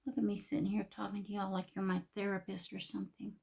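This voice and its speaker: A woman's voice: mid-range voice, little pitch movement, fast talker, creaky, hardly any pauses, a little mellow. An older woman chatting while getting ready, emotional and confiding, sometimes dropping to a whisper. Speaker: vlogger.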